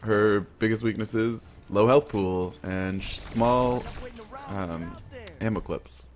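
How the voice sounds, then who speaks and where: A man's voice: on the low side, fairly even intonation, slow pace. A man giving casual, playful gameplay commentary, crude and self-mocking. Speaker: gaming video host.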